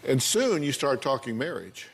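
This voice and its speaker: A man's voice: medium pitch, very animated, moderate pace, vocal fry, a little hiss or hum. Older man hosting a folksy talk show. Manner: folksy, probing, reads letters aloud. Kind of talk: interviewing a guest on a talk show.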